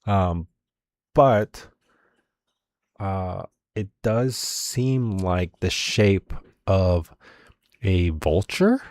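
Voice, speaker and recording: A man narrating as game master of a tabletop game, slow and full of ums. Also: sits low, lively intonation, darkish tone, dry recording. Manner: slow, filler-heavy narration.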